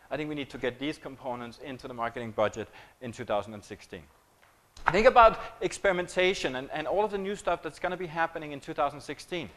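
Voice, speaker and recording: A man's voice: fairly high pitch, a bit bright, rough recording. A man giving a conference presentation. He talks conversationally, asking the audience questions and joking. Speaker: keynote speaker on marketing.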